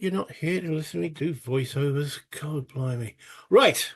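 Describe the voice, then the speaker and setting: A man's voice: medium pitch, brisk. A British man narrating a solo tabletop wargame playthrough, chatting and thinking aloud as he goes, with self-mocking asides. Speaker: solo board game player.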